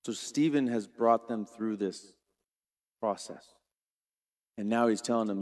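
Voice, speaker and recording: A middle-aged man preaching a sermon, retelling a scripture story dramatically and shifting between quiet and loud. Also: on the low side, unhurried. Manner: dramatic storytelling preacher, varies volume widely. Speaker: pastor.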